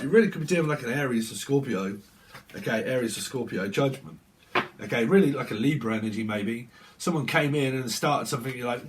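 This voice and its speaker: A man's voice: mid-range voice, animated, normal speed, a little hiss or hum. A young man giving a casual tarot reading, swearing, laughing often and acting out the voices he quotes. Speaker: tarot reader. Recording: voice a bit far from the mic.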